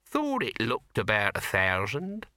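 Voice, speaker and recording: A man's voice: on the low side, huge pitch swings, unhurried, bright, forceful tone, no echo, studio quality, full character voice. A man voicing a sly, scruffy male city watch corporal with slangy, raised speech.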